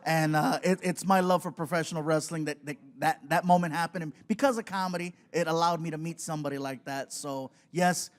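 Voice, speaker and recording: A male comedian guesting on a talk show, telling a rambling, self-deprecating story with animated energy. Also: a little high, a little fast, hardly any pauses.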